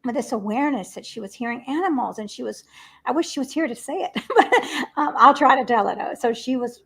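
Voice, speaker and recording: A woman's voice: a little high, expressive, brisk, gravelly, fairly bright tone, husky. A woman hosting a casual livestream chat, telling stories with frequent laughter over a video call. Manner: chatty storyteller, laughs often.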